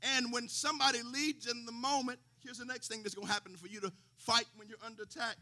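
A man preaching a sermon, impassioned, building to shouts and calling out to the congregation. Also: high voice, animated, brisk. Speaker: pastor.

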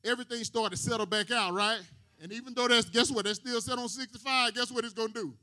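A man preaching from the pulpit with an unusually high, sharp voice. He talks plainly and casually, and he keeps checking in with the congregation with questions like "right?" His tone is bright and forceful throughout. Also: steady tone, fast talker. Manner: call-and-response preaching, asks the congregation questions. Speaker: pastor. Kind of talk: sermon.

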